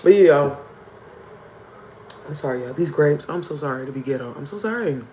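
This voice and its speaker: A young woman with a hoarse voice, hosting a casual livestream and chatting directly to her viewers. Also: deep voice, animated, fairly quick, warm tone, a little hiss or hum, rough recording. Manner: chatty, addresses viewers as y'all and baby. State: hoarse from screaming. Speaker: livestream host.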